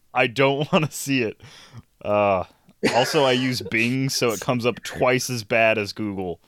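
A man co-hosting a casual podcast, with wry, deadpan humor. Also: medium pitch, unhurried, clean tone, no room sound, clean studio sound. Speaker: podcast co-host.

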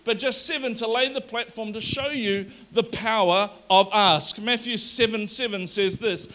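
High-voiced, bright energetic preacher man. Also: moderate pace, hardly any pauses. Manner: energetic, animated preaching to a congregation; reads scripture with rising emphasis. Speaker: pastor. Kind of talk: sermon.

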